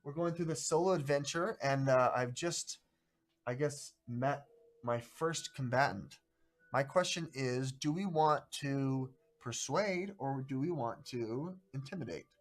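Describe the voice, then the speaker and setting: A man hosting a live stream of a solo tabletop adventure, chatting casually in a rambling, halting way. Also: medium pitch. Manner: rambling, halting, greets viewers by name.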